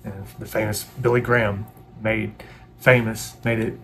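A man's voice: fairly low pitch, little pitch movement, unhurried, a bit bright. A male pastor giving an earnest devotional sermon and leading a pleading, repetitive prayer.

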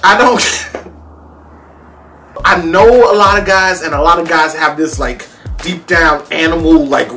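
A man hosting a casual comedic vlog to camera, self-mocking, laughing often and jumping up high in pitch for emphasis. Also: a bit bright. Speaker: vlogger.

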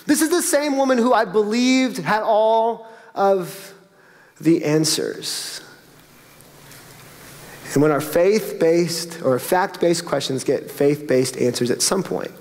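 A high-pitched male pastor preaches in an easy, conversational way. He keeps climbing to emphatic peaks, and a long church-hall reverb trails after each phrase. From South Florida. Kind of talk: sermon. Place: church auditorium.

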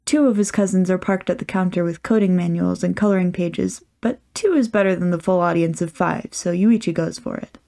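A woman reading a fan fiction story aloud with lively, wry storytelling. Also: fairly low pitch, fairly quick, creaky, few pauses. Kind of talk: audiobook narration.

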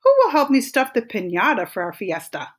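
A woman's voice: a little high, very animated, measured pace, a bit bright, voice pushed up, exaggerated voice. A woman doing a fed-up storybook iguana. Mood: exasperated. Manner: eager, then exasperated, emphatic. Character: hardworking, fed-up female iguana. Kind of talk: storybook read-aloud.

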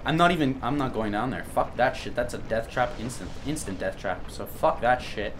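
A young man giving blind let's play commentary as a gaming YouTuber, swearing and swinging from low grumbling to loud outbursts. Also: normal speed, noisy background.

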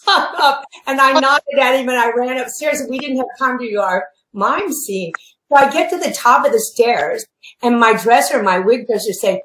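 A woman telling an anecdote in animated chat, acting out quotes and laughing often. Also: high voice, moderate pace, roomy sound, slight background noise, rough recording. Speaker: guest performer. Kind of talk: anecdotal chat over video call.

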